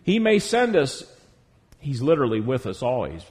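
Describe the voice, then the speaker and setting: A man preaching a sermon to a congregation in a church, emphatic, drawing out key words slowly. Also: medium pitch, huge pitch swings, a little mellow. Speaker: pastor.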